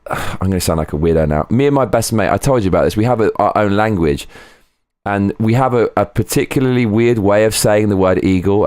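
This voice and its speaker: A man's voice: lowish voice, darkish tone, no room sound, studio quality. A man streaming live from home, chatting casually, rambling and swearing as he goes. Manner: rambling, swearing, breaks into sung snatches. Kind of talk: casual livestream chat.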